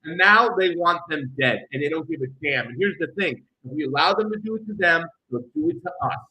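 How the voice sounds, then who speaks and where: A man co-hosting a political commentary show, ranting in a heated, rapid way. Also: on the high side, animated, bright, forceful tone, slight background noise, rough recording. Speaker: co-host.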